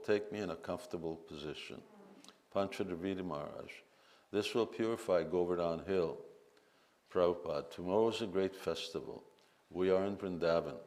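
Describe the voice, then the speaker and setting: Man, very low voice, reads to a festival crowd and leads chants. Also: darkish tone. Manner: reads quotes in a measured voice, breaks into leading chants. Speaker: speaker at a temple festival. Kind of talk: reading aloud and speaking to a gathering. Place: festival gathering with a translator.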